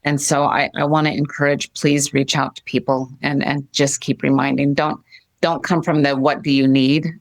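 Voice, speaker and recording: A middle-aged woman speaking as an interview guest, earnest and gentle, often repeating her phrases. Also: very deep voice, little pitch movement, normal speed. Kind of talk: heartfelt interview talk.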